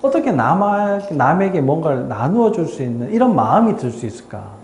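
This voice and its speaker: A man's voice: fairly high pitch, sing-song, racing, a little mellow, slight background noise. A man giving a lecture at a medical forum, reading a passage aloud and then explaining it with rhetorical questions. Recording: lecture hall, echoey and distant.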